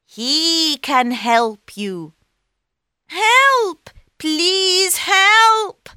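A woman voicing a clever male talking cat in a storybook, high-pitched and excitable. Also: very slow, no echo, clean studio sound, heavily acted. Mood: eager. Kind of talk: storybook reading.

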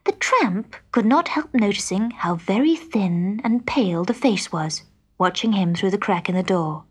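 A woman narrating a children's storybook in an expressive, measured way. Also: mid-range voice, slightly rough. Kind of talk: storybook reading.

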